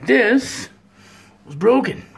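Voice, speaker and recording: A pinball hobbyist chatting to viewers in a casual vlog, thinking out loud and breaking into excited exclamations while showing a repaired machine indoors. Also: medium pitch, very slow, creaky, husky.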